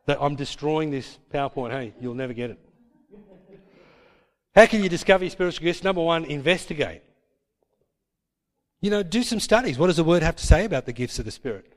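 A man's voice: fairly high pitch, animated, brisk, pauses often. A man preaching a sermon as pastor, emphatic and repeating his points with tag questions. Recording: long hall reverb.

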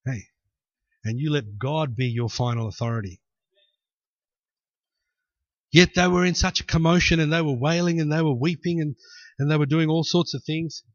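A man's voice: a little high, no echo, muffled recording. A man preaching a sermon and acting out the people in the story. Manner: animated preaching, acting out voices. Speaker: pastor.

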